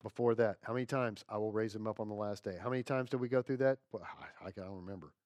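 Male pastor, animated sermon delivery, loud bursts and hushed asides, dry close recording. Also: fairly low pitch, fast talker, dry recording.

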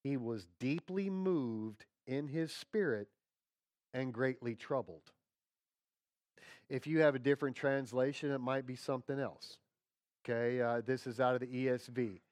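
A man preaching a sermon in a conversational, folksy way, checking in with his listeners and dropping to quiet tones for emphasis. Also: medium pitch, unhurried, dry recording, clean studio sound. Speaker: pastor.

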